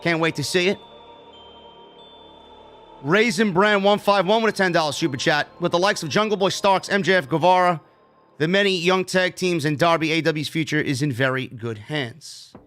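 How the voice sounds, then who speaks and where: A man's voice: fairly high pitch, normal speed, fairly bright tone, faint music behind. A man hosting a live wrestling review stream, reading viewer super chats aloud and chatting casually with plenty of swearing. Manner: casual, profane, reads donor messages aloud.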